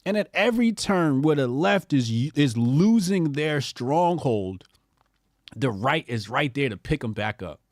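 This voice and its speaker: A man's voice: a little slow, dry recording, clean studio sound. Profane, mocking male political commentator. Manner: profane, mocking impressions of opponents; animated, swings from low muttering to raised outbursts. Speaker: commentary show host.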